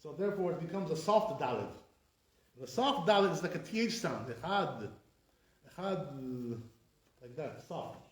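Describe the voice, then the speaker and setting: With a slightly high voice, big pitch swings, and a somewhat quick pace, a rabbi teaches a laid-back class to a live crowd. He often says "right?" while acting out how words are mispronounced and properly pronounced. The recording is distant and echoey.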